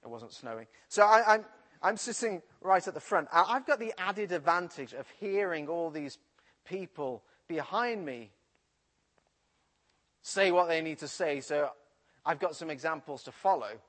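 A man's voice: fairly high pitch, a little slow. A man from the English Midlands with a Midlands accent, preaching and telling a personal story from his school days. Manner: storytelling, animated retelling.

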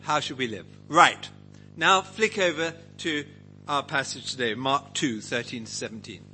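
A man's voice: medium pitch, normal speed, pushed and bright, soft background music, rough recording. A man teaching a Bible passage to a group, asking them questions and acting out quotes. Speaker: preacher leading a Bible study.

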